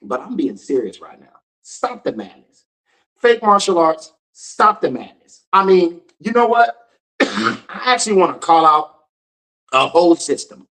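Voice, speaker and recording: A man's voice: high-pitched, a bit bright, rough recording. Male host, emphatic commentary rant, calls people out, repeats himself for emphasis. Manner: emphatic, calling out, repeats lines for effect.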